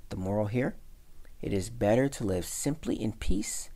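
A man, a community center director, reading a fable aloud with expressive storytelling. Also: on the low side, normal speed, creaky, a little hiss or hum.

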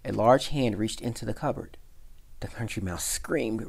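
A man, a community center director, reading a fable aloud with expressive storytelling. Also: on the low side, moderate pace, vocal fry, slightly rough.

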